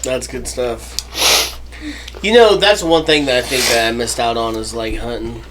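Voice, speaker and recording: A man's voice: medium pitch, moderate pace, background noise. A man telling rambling stories on a casual podcast, laughing and swearing as he goes. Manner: rambling storyteller, swears, laughs at own jokes. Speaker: co-host.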